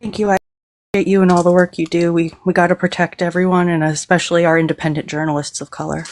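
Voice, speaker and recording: A caller on a livestream sharing a call to action, speaking earnestly and haltingly with many "um" fillers. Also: medium pitch, level tone, darkish tone. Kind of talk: call-in announcement.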